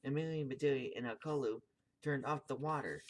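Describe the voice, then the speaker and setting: Man reading a kids' book aloud; halting, self-correcting. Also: mid-range voice, a little hiss or hum. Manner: stumbles and corrects himself. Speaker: video host reading aloud.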